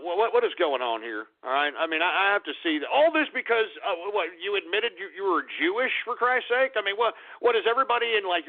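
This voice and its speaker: High-voiced excitable male radio host. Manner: excitable, stammering repeats. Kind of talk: call-in radio talk. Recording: phone-like narrow audio.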